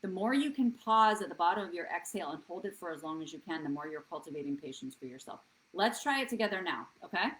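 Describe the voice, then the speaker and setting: A woman's voice: lowish voice, animated, fast, hardly any pauses, a bit bright, low-quality recording. A woman in her thirties hosting a live wellness show, talking earnestly to viewers in a coaching way and often checking in with "right?". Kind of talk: live-stream talk to viewers.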